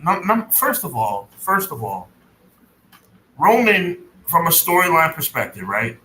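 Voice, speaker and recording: A man co-hosting a podcast in loose, casual chat, lively and bright, with a slightly higher voice. He leans hard on his words and often slows right down for emphasis. It is recorded in an echoey room with a faint hiss behind him. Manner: emphatic, stretches words out for effect. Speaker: podcast co-host.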